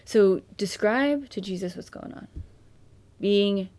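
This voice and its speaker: A woman's voice: medium pitch, slow, a little mellow. A woman in casual faith conversation, earnestly walking a listener through steps of prayer.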